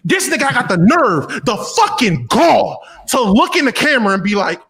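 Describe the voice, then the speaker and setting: A man with a high voice tells a story on a casual podcast. He is animated and profane, mocking as he goes, and his pitch jumps around a great deal. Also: normal speed. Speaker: podcast co-host.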